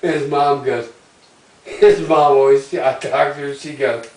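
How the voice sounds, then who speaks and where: A man's voice: medium pitch, fairly even intonation, unhurried, darkish tone, a little hiss or hum. A man telling a crude family story in blunt, profane casual talk, raising his voice when he quotes people. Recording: echoey room, mic far off.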